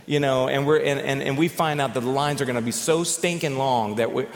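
A man preaching a sermon as pastor, telling stories in an animated way and often repeating words as he goes. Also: mid-range voice, fairly quick. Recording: long reverb of a large hall.

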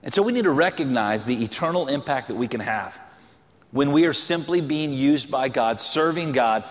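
Joking pastor preaching in a reverberant hall. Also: male voice, medium pitch, lively intonation, normal speed. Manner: conversational, joking, many "like" fillers. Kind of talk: sermon. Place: church sanctuary.

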